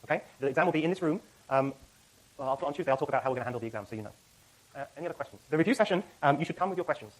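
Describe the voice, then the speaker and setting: Guy lecturing a college class, talks super fast, lots of ums, slightly high voice, lecture hall. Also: expressive. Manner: rapid, self-correcting, many fillers. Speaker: university lecturer.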